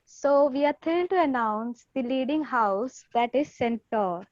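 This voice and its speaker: A young woman hosting a college event, reading upbeat, formal announcements and thanks. Her voice is a little high. The recording is dull and lo-fi, with a dry sound. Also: expressive, a little slow, a little mellow, no room sound. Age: young adult. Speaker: event host.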